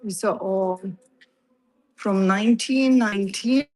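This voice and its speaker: A woman's voice: mid-range voice, slow pace, a little mellow, poor audio. A woman, out of breath, giving a casual livestream tour of a museum inside an old fort and reading exhibit labels aloud while she walks, talking into a handheld phone. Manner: chatty, reads exhibit labels aloud to viewers. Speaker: livestream host.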